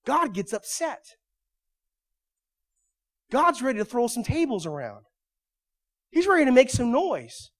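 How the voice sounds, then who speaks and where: A male pastor delivering a sermon in a church, moving from quiet storytelling to loud, emphatic preaching. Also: very high-pitched, big pitch swings, a little slow, pauses often.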